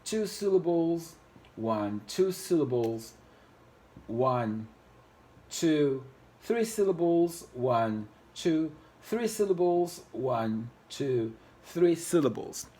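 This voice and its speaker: A man walks through a grammar lesson at the whiteboard, patient and unhurried. His voice sits slightly high, and he goes over each point more than once, counting syllables aloud one by one. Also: very animated, warm tone. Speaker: Spanish teacher. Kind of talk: classroom-style video lesson at a whiteboard.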